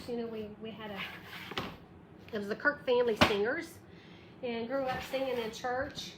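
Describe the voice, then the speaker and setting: High-voiced chatty woman. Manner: chatty and bubbly, greets viewers by name and counts aloud. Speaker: craft livestream host. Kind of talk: live craft tutorial, chatting with viewers. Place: her craft shop. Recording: echoey room with background noise.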